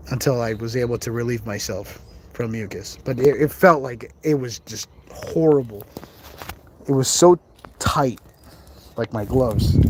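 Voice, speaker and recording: A man with a darkish, mid-range voice livestreams a ghost hunt from a cemetery, with slight background noise. He wanders and chats casually, rambling with laughter and side comments.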